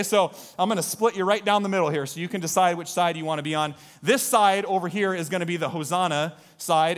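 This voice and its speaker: A man with a high voice preaches in a church, animated and jokey. He keeps drawing the congregation in and rallying them to take part. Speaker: pastor. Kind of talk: sermon. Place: church sanctuary.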